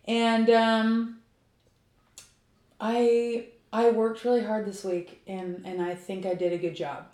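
A woman's voice: fairly high pitch, level tone, slow pace, a little mellow, roomy sound. A woman co-hosting a casual podcast, chatty and laughing easily, with lots of fillers. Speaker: podcast co-host. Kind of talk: casual chat.

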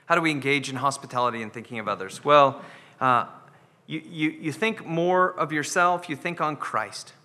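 Male pastor, higher bright tone, earnest preaching, reverberant hall recording. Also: moderate pace. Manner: earnest, repeats words when building a point. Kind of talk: sermon. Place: church sanctuary.

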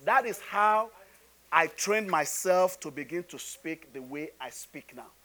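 Pastor, male, high voice; preaches in a chatty, humorous way and keeps firing questions at the congregation. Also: expressive, a little slow, sharp tone. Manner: conversational and humorous, rhetorical questions. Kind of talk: sermon.

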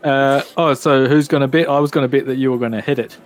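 A man's voice: medium pitch, steady tone, fast talker. A man playing a tabletop role-playing game, joking and laid-back. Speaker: player. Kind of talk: casual tabletop role-play.

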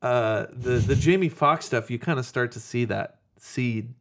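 A man's voice: mid-range voice, unhurried, fairly bright tone. A man with a stuffy nose in casual podcast chat about a movie, enthusiastic and rambling. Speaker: podcast co-host.

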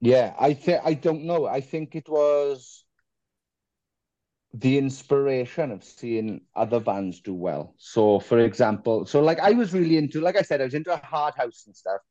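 A man's voice: medium pitch, normal speed, dark tone, no echo, dull audio. A man from Wales, a band singer, telling rambling, sweary anecdotes as a guest in a casual podcast chat. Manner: swears freely, rambling anecdotes with mock quotes.

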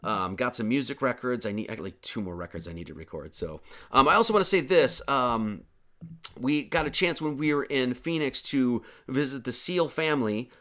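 A man's voice: medium pitch, animated, normal speed, sharp tone. Man giving rambling, joking sermon announcements. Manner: rambling and joking, many fillers and restarts. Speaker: pastor and show host. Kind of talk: casual closing announcements of an online sermon.

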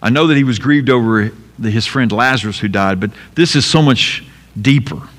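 A pastor giving an emphatic sermon, asking rhetorical questions and repeating key lines. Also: male voice, mid-range voice, moderate pace, fairly bright tone, big-room sound.

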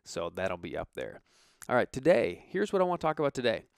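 A man's voice: mid-range voice, wildly swooping pitch, a little fast, gravelly, clear, resonant tone, no room sound, studio quality. Upbeat, rambling man hosting a podcast. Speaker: podcast host. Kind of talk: casual podcast talk.

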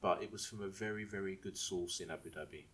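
Deep-voiced man rambling on a podcast. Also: fast talker, a bit bright. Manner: rambling, restarts questions, explains at length. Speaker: podcast co-host. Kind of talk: casual football podcast chat.

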